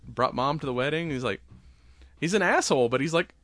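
A man's voice: a little high, lively intonation, brisk, fairly bright tone, no room sound, clean studio sound. A man casually recapping a film plot in a rambling way, laughing often and swearing freely. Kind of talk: casual movie recap chat.

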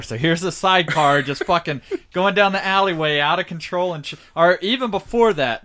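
A man's voice: a little high, bright, forceful tone. A man in casual podcast chat about a film, laid-back and swearing freely, trailing off with fillers. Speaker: podcast co-host. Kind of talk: casual movie recap chat.

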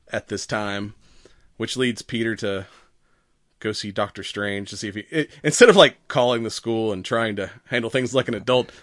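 A man's voice: mid-range voice, fairly bright tone, no echo, studio quality. Laughing, swearing podcast co-host man. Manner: laughs often, swears, acts out quoted lines. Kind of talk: casual chat.

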